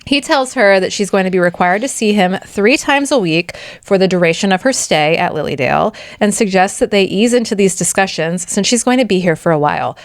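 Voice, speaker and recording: A woman co-hosting a podcast, retelling a book's plot in a chatty, casual way. She throws in sarcastic asides and laughs often. Her voice sits at a medium pitch and is recorded dry and close. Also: expressive, brisk, hardly any pauses, dry recording. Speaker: podcast co-host. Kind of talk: casual book recap.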